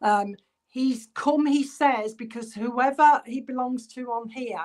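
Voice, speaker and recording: Halting woman medium, higher voice. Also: steady tone, a little mellow. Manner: halting, relays spirit messages with many ums; addresses viewers by name, chatty and reassuring. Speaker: spiritualist medium. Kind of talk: online church clairvoyance reading.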